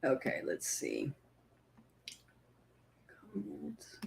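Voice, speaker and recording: A woman's voice: a bass voice, wildly swooping pitch, extremely slow, gravelly. A woman hosting a casual live stream, chatting with viewers and cooing at her puppy.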